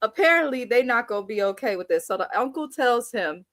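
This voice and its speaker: A woman's voice: a little high, animated, fairly quick, fairly bright tone, dry recording. A woman in her thirties from Kenya, hosting a live TV recap with blunt, profane, laughing storytelling. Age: 30s. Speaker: show recap host.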